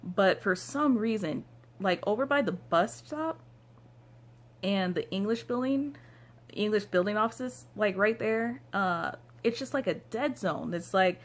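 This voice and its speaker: A woman's voice: medium pitch, animated, a little slow. A young woman vlogger telling a casual story from home into her phone, rambling with lots of "like" fillers. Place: downstairs room at home.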